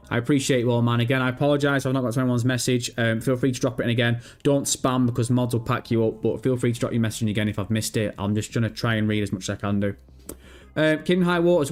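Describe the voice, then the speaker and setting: A man hosting a live stream, casually chatting and reading out viewer messages with self-mocking, sweary banter. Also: mid-range voice. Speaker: livestream host.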